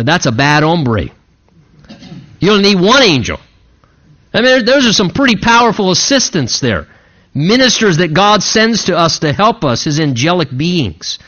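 A man's voice: fairly high pitch, a bit bright, muffled recording. A man preaching a sermon, working through a passage verse by verse and adding joking asides. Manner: expository preaching with humorous asides. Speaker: pastor.

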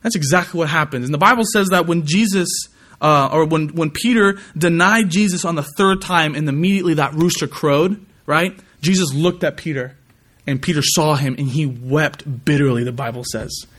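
A man's voice: fairly high pitch, moderate pace, fairly bright tone. A young man preaching a sermon in a conversational way, often asking the congregation to respond. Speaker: pastor.

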